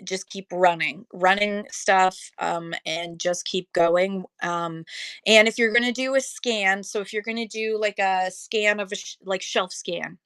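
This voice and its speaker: A woman holding her phone indoors and chatting casually on a seller livestream, rambling and correcting herself with quick laughs. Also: mid-range voice, steady tone, a bit bright, smooth, no echo. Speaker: online live-auction seller. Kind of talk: casual livestream chat and demo. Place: indoor room with shelves. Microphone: handheld phone.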